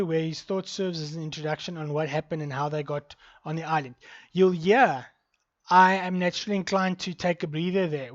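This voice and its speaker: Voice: medium pitch, muffled recording. A university lecturer gives a recorded online lecture. The lecturer explains step by step, reads punctuation marks aloud, and moves between Afrikaans and English.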